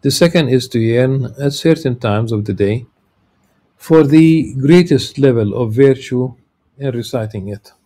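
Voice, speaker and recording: A man giving a lecture, reading a religious text and explaining it in a halting way, with many filler sounds and restarts. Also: medium pitch, warm tone.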